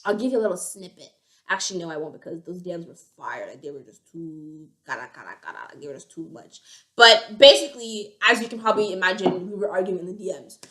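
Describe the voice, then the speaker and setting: A young woman telling a storytime vlog, animated and acting out the other voices. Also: fairly low pitch, fast. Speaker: vlogger.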